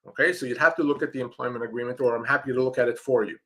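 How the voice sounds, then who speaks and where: A middle-aged man from Canada answers viewers' questions live as an employment lawyer. He talks in a direct, emphatic way and circles back to repeat the points that matter. His pitch sits in an ordinary middle range for a man. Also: steady tone, very fast, sharp tone. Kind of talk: live-streamed advice Q&A.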